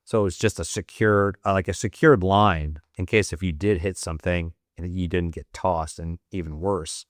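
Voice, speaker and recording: A man in his forties tells war stories in a very low voice. He is blunt and profane, and he talks in a loose, matter-of-fact way. His voice is recorded dry and close, with no room sound. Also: steady tone, normal speed, few pauses, dry recording. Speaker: podcast guest, Marine veteran. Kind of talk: casual war storytelling.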